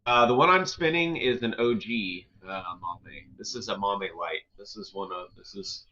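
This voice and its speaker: A man chatting casually on a livestream, rambling with halting restarts. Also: lowish voice, sharp tone, lo-fi sound. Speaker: livestream co-host. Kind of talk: casual chat.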